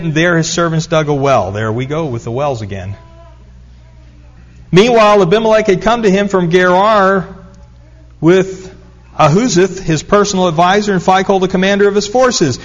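A middle-aged man preaching a sermon, telling stories and building up to emphatic repetition. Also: a little high. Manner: storytelling, rising to emphatic repetition. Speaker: pastor. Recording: dull lo-fi recording.

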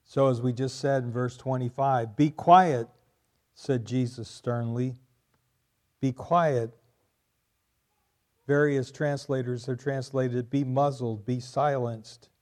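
A man's voice: mid-range voice, little pitch movement, measured pace, few pauses, mellow. A male pastor delivering a sermon, stressing points by repeating them and building to emphatic questions. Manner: emphatic preaching, repeating key lines for stress.

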